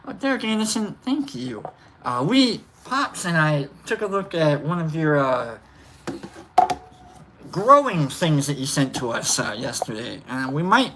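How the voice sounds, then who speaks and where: A woman's voice: fairly low pitch, sing-song, unhurried, background noise. A woman co-hosting a livestream, casually reading out chat names with rambling, playful asides and sudden whoops. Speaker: livestream co-host.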